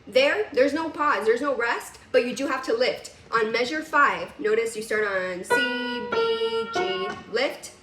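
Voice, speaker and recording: A woman's voice: fairly high pitch, sing-song, a little slow, hardly any pauses, echoey room, distant mic. A woman teaching a piano lesson on video, chatty and casual, laughing now and then. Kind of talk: recorded music lesson. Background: piano playing.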